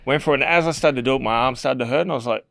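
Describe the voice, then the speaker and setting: Middle-aged Australian male guest, lively storyteller who swears casually, mid-range voice, dry close mic. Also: medium pitch, rapid-fire, creaky, no room sound. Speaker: podcast guest, former rugby league player.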